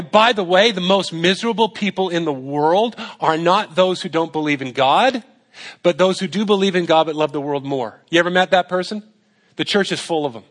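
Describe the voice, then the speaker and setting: A middle-aged man preaches to his congregation in an easy, talky way, with a voice that sits a little high. He keeps asking rhetorical questions and hammers his points home by repeating them. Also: fairly bright tone. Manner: conversational preaching with rhetorical questions and emphatic repetition. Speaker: pastor. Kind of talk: sermon.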